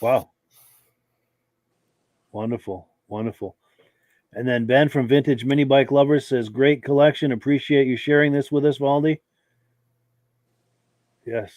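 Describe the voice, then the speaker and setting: A man's voice: mid-range voice, steady tone, measured pace, long pauses, a little mellow, no echo. A man hosting a live podcast, reading out viewer comments in an easygoing way with frequent filler words. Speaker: podcast host.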